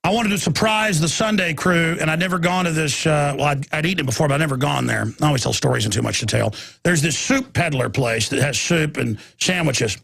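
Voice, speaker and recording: Casting: husky, gravelly talk radio host in his forties, rambling storyteller with mocking impressions. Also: brisk, hardly any pauses, fairly bright tone. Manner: mimics mocking voices in high squeals.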